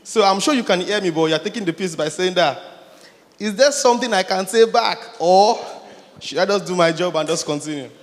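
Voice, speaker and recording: A man from the audience asks a question at a conference and tells his story in an animated way, with laughing asides. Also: high-pitched, a little fast. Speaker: audience member asking a question. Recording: hall with long reverb.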